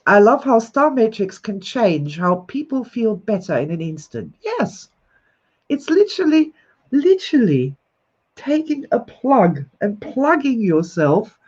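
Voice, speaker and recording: An enthusiastic, expressive woman in her sixties who laughs often as she hosts a livestream and greets her viewers. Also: mid-range voice, slightly rough. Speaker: host. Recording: slightly dull lo-fi recording.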